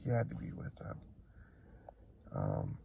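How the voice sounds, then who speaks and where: A man's voice: slow, warm tone, a little hiss or hum. A man vlogging from inside his van, rambling and hesitant as he regretfully retells a night's events in casual talk. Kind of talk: casual spoken recollection.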